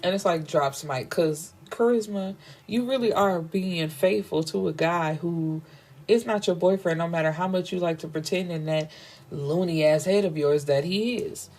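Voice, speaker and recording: Animated, slangy woman recapping a book. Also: fairly low pitch, normal speed. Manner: animated, slangy, swears freely, laughs at the story. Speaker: book podcast host.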